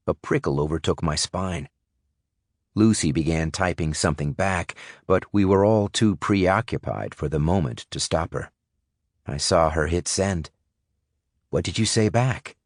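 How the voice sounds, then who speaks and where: A man reading a thriller audiobook in first person, measured and suspenseful. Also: deep voice, no echo, studio quality. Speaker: audiobook narrator. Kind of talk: scripted audiobook narration.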